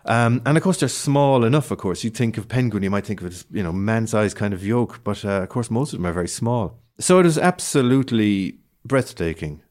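A man with a low voice and a light lilt tells a travel story in relaxed conversation. He talks with lots of fillers, false starts and growing enthusiasm. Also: fairly quick, hardly any pauses. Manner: animated storyteller with many fillers and restarts. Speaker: guest. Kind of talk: casual chat.

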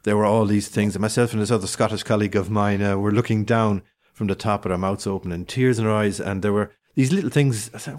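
A man with a low voice and a light lilt tells a travel story in relaxed conversation. He talks with lots of fillers, false starts and growing enthusiasm. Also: fast talker. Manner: animated storyteller with many fillers and restarts. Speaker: guest. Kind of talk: casual chat.

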